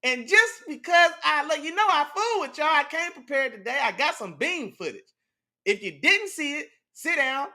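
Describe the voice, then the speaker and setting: Excitable high-voiced man talking football. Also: normal speed. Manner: animated, slangy, repeats "you know what I'm saying". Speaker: podcast host. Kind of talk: casual sports talk with live chat.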